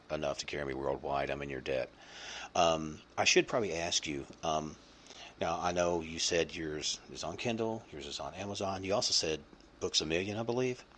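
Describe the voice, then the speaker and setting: A man's voice: extremely low pitch, a bit bright, slight background noise. A man hosting a podcast, chatting casually and rambling with many fillers and restarts. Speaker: podcast host. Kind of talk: casual chat.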